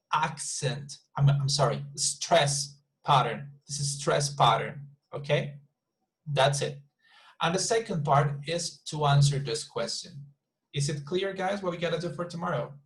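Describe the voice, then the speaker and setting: A man's voice: a little high, a bit bright, poor audio. A male English teacher, patiently explaining homework in an online class and often repeating words.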